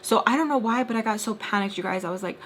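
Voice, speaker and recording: A young woman telling a casual storytime while doing her makeup, chatty and full of "like," sometimes dropping into hushed asides. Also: mid-range voice, fast talker, a little hiss or hum. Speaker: storytime vlogger.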